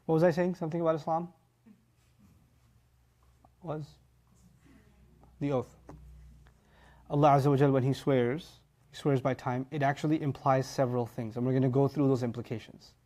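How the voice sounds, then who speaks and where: A man teaching about the Quran in an animated lecture, punching key words and acting out how listeners react. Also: medium pitch, moderate pace, long pauses.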